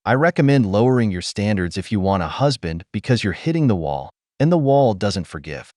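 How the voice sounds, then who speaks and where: Low-voiced man lecturing in dry commentary. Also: sing-song, brisk, a little mellow, no echo. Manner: lecturing, blunt, addresses viewers directly. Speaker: commentary channel host. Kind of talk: opinion commentary voice-over.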